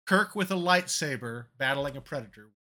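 A man's voice: a little high, animated, moderate pace, bright, forceful tone. A man in a casual chat, chiming in with brief, wry remarks. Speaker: podcast co-host.

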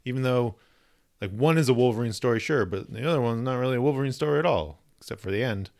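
A man's voice: mid-range voice, lively intonation, fast talker, darkish tone. A man co-hosting a podcast in casual chat, playful and rambling, often restarting his sentences. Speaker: podcast co-host.

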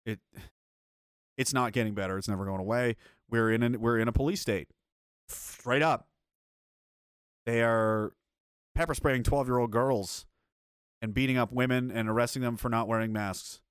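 A man's voice: medium pitch, steady tone, normal speed, long pauses, clear, resonant tone, no room sound, clean studio sound. A man hosting a video commentary, ranting in an angry, blunt and profane way. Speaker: commentary host.

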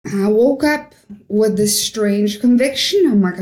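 Telling a story as a podcast guest, this young woman from Norway speaks with animation, performing the quoted voices. Her mid-range voice is a little slow and slightly mellow, and the room echo is audible.

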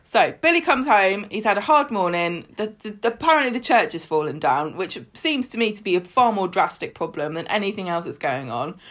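A woman's voice: mid-range voice, animated, fairly quick, hardly any pauses, a bit bright. Woman podcast host, chatty recap, acts out the characters, laughs a lot. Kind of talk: casual chat recapping a soap.

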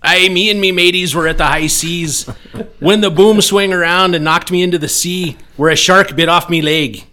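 A man voicing a booming, gruff old male pirate in a told joke. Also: fairly even intonation, moderate pace, bright, forceful tone.

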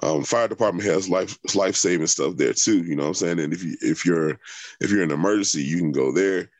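In conversation, this young adult interviewee winds through a lengthy personal tale, restarting often and leaning on fillers. He speaks low and quickly with a darkish tone, and there is no echo.

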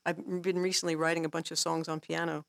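Woman songwriter and teacher, slight fry in the voice, chatty and animated, laughs easily. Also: low voice, quick pace, dry recording. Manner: animated storyteller, acts out her own inner voice; laughs often while explaining. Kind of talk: casual workshop talk.

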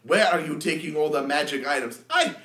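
A man voicing a dim, bloodthirsty male adventurer who blusters loud threats in broken grammar. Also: a little high, expressive, brisk, echoey room, voice pushed up. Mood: menacing.

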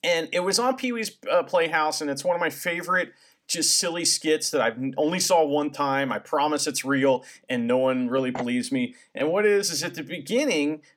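A man's voice: a little high, normal speed, fairly bright tone. A man co-hosting a podcast in casual, jokey, rambling chat. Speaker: podcast co-host.

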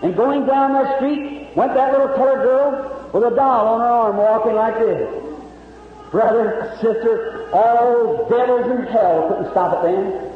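A man with a very high voice delivers a revival sermon as fervent storytelling in plain rural speech. The old recording sounds thin and narrow, like a phone line. His voice rings through a huge echoing hall with a long reverb tail. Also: unhurried. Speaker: evangelist preacher. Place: large meeting hall with audience.

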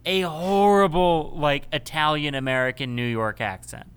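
A man's voice: a little high, moderate pace, a bit bright, clean tone. A man co-hosting a casual film-recap podcast, giving his opinions and making jokes. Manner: jokey and opinionated. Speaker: podcast co-host.

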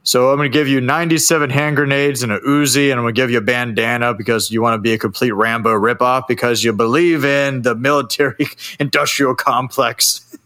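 A man's voice: medium pitch, steady tone, a little fast, pushed and bright, lightly acted. A man doing a mocking army commanding officer. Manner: mocking, crude.

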